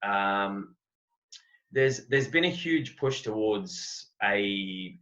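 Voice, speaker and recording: An Australian wrestling coach, a guest on a podcast interview, talks earnestly and reflectively, often repeating words while he thinks. His voice is lowish, expressive and a bit bright, and he speaks very slowly. The recording sounds dull and lo-fi.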